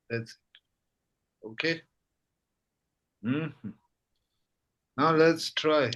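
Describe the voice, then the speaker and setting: A man's voice: a little high, drawn-out words, pauses often, fairly bright tone. A man teaching a language lesson patiently, checking understanding with frequent questions. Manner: patient, repeats "okay?" often.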